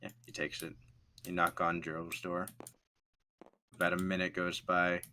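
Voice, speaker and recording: Rambling, bright-voiced male game master. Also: sits low, level tone, normal speed, slight background noise. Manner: loose, rambling narration with many restarts. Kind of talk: narrating a tabletop game.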